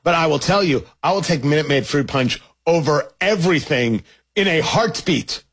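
Male co-host, husky voice, teasing, lots of restarts, lively pitch. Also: normal speed. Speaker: podcast co-host. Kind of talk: casual chat.

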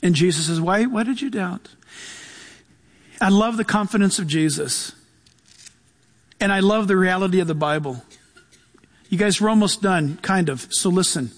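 A man's voice: high voice, moderate pace, long pauses. A male pastor giving a sermon, telling stories with humor and laughing often.

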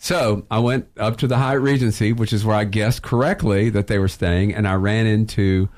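Low-voiced man telling a laughing radio story. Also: normal speed. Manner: animated storyteller, laughing often. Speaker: radio host. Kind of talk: public radio pledge drive chat.

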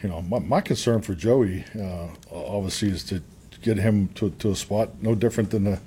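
A man's voice: lowish voice, mellow, slightly rough. A man speaking as a head football coach at a press conference, stopping and restarting his sentences often. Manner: halting, repeats words as he restarts.

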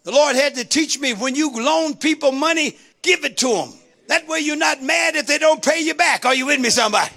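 High gravelly woman preaching a sermon. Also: a little fast, bright, forceful tone. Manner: rhythmic call-and-response preaching with rising exclamations.

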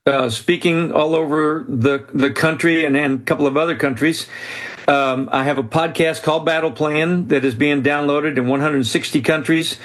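Man, guest author, interview storytelling, slightly high voice, acts out quoted voices. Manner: animated storyteller who voices quoted people.

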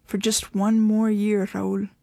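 A woman voicing an estranged wife who speaks firmly, flatly and with worn patience. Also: mid-range voice, takes it slowly, creaky, no room sound, studio quality. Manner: firm, flat, impatient.

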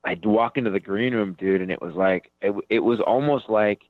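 Speaking fairly quickly in a fairly low voice, a male comedian rambles candidly through a casual radio interview by phone, saying "dude" and "man" constantly. There's no room sound, though the line is tinny.

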